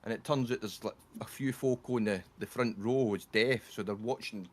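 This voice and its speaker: A man's voice: on the low side, moderate pace. Swearing man telling stories. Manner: animated storyteller, swears freely, laughs while retelling jokes. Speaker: streamer. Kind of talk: casual chat over a game livestream.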